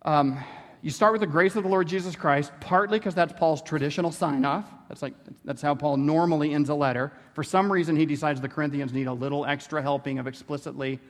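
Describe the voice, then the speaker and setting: A man's voice: a little high, brisk. Chatty male lecturer in a reverberant hall. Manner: conversational, with tag questions and playful asides. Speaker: theology lecturer. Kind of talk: classroom lecture.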